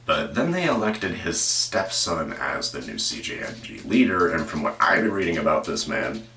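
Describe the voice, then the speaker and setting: A man's voice: rumbling low, creaky, sharp tone, recorded from a distance, a little hiss or hum. A man hosting casual true-crime commentary, rambling and profane and often breaking off mid-sentence. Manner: meandering, profane, self-interrupting. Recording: echoey room, voice off-mic.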